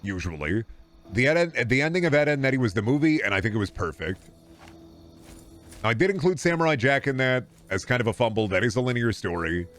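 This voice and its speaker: A man's voice: medium pitch, animated, a little fast, a bit bright. A man chatting casually and swearing freely as he streams a game, rambling from one joke to the next. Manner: rambling, profane, jokey.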